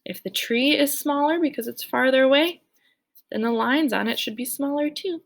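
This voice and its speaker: A woman's voice: sits high, moderate pace, gravelly. A young woman leading a children's drawing lesson, cheerful and playful, speaking directly to the kids. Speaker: art teacher.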